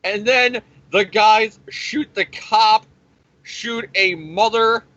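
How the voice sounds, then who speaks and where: A man's voice: sits high, slow pace, sharp tone, no room sound. A man recapping a comic issue in a rambling, profane, sarcastic way, as the host of a review show. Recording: dull lo-fi recording.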